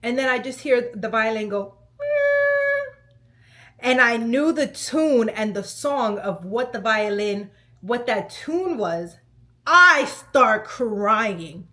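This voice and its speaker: A young woman recounts a personal story straight to camera in a lively, gossipy storytime vlog. Her voice sits a little high, and she keeps things flowing with casual fillers and emphatic asides. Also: takes it slowly. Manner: animated, chatty storytelling with lots of "like" and "let me tell you". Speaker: vlogger.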